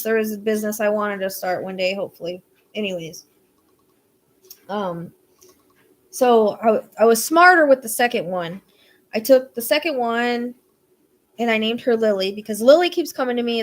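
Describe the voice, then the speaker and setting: A woman host telling a rambling, exasperated story in casual chat, swearing now and then. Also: medium pitch. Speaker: psychic podcast host. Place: rural property with acreage.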